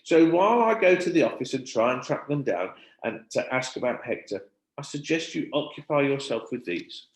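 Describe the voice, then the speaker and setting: A man voicing a brisk female primary school teacher in a raised, bright tone. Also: mid-range voice, expressive, close to an everyday voice. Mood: puzzled. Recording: roomy echo.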